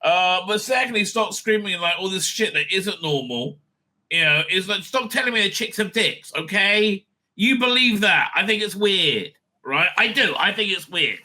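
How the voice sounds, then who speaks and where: A man's voice: high-pitched, lively intonation, moderate pace, bright, forceful tone. A man hosting his own online show, rambling in a loose, profane, laughing commentary style. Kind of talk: casual ranting commentary.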